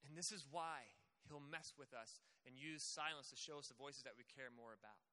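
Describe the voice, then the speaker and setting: A man's voice: medium pitch, brisk, few pauses, pushed and bright. A young man preaching a casual sermon, speaking conversationally and acting out quoted voices. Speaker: pastor. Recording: long hall reverb.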